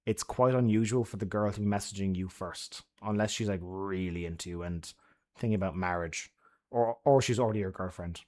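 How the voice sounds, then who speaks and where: A man's voice: low-pitched, brisk, warm tone. A man giving friendly advice to his chat on a casual live stream, laughing often and swearing freely.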